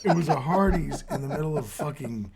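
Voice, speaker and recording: A man's voice: a little high, expressive, a little fast, gravelly, a crowd in the background. A man co-hosting a casual sports talk show, telling a laid-back story and swearing casually. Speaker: co-host.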